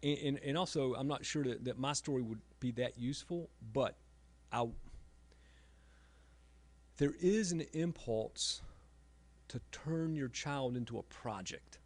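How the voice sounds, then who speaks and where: A middle-aged man, an author and emergency room doctor, giving a halting talk with self-deprecating humor at a library event. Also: mid-range voice.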